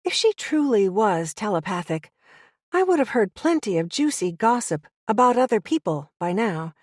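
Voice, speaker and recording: A woman narrating a first-person audiobook in a clear, even way. Her pitch sits in the middle range. The recording is dry and close to the mic. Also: moderate pace, dry recording.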